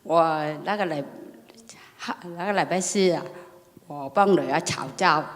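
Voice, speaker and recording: A woman's voice: low-pitched, normal speed. A woman in a meditation class asking her teacher a question, recounting a personal experience in a rambling, repetitive way. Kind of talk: emotional personal account. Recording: long hall reverb.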